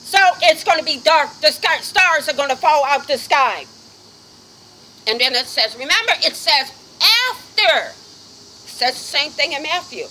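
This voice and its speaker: A woman preacher giving an urgent, emphatic sermon at an outdoor service, slowing down to read scripture solemnly. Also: high-pitched, animated, pushed and bright, slight background noise, poor audio.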